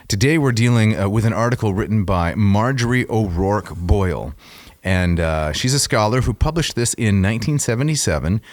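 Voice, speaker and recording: Deep-voiced man co-hosting a scholarly podcast. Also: dry recording, clean studio sound. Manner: measured, explanatory, reads out texts aloud. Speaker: podcast co-host. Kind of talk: casual scholarly discussion.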